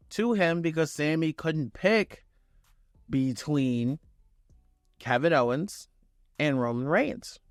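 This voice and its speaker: An excited young man recaps a wrestling show in a loose, casual way, jumping into quoted lines with swearing. His voice sounds dry and close, with faint music behind him. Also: on the high side, no room sound.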